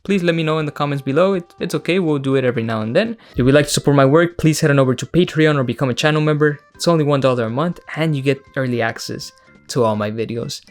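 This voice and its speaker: A man's voice: a little high, fast, faint music behind. Blunt profane man ranting. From Mexico. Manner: blunt, profane, mocking, laughs often. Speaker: YouTube host. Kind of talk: casual film review rant.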